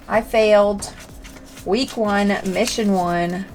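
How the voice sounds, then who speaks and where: A woman's voice: mid-range voice, unhurried, pauses often, faint music behind. A woman hosting a budgeting channel, chatting casually to camera while playing a dice game, talking to herself and counting aloud.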